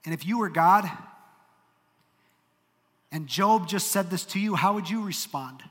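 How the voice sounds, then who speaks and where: A man's voice: sits high, unhurried, fairly bright tone. A man preaching a sermon as pastor, emphatic and earnest, with dry humorous asides. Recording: long reverb of a large hall.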